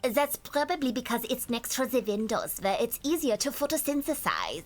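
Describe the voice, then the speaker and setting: A woman's voice: on the high side, very animated, moderate pace, voice pushed up. A woman voicing a stern, haughty young female prosecutor with a put-on German accent, reading game dialogue aloud.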